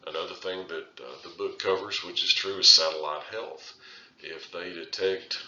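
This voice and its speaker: A man's voice: deep voice, fairly even intonation, normal speed, sharp tone, roomy sound, highs cut off. A man teaching a surveying lecture in a loose, conversational way, often restarting his sentences. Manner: conversational, with frequent restarts and filler phrases. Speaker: surveying instructor. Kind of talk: recorded lecture.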